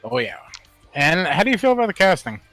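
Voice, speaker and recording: A man co-hosting a casual podcast, talking in an animated way, swearing and laughing often. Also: a little fast, no echo, soft background music. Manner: animated, swears, laughs often, rising pitch when worked up. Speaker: podcast co-host. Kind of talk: casual chat.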